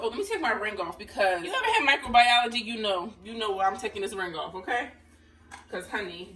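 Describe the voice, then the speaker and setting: A woman's voice: fairly high pitch, sharp tone, far from the mic. Chatty woman cooking in her kitchen. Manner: chatty, talks straight to viewers, calls them honey. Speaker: vlogger. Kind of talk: casual cooking vlog. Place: home kitchen. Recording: voice a bit off-mic with faint room noise.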